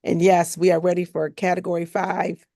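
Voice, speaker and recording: A woman's voice: on the low side, little pitch movement, moderate pace, gravelly, warm tone, no room sound, clean studio sound. A woman moderating a webinar, introducing each speaker with effusive, affectionate praise.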